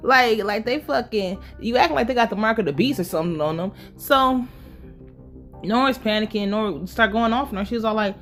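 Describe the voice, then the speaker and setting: A woman's voice: a little high, animated, a little fast, soft background music. A woman giving a casual, blunt and profane recap of a TV episode, full of her own opinions. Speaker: show recap host.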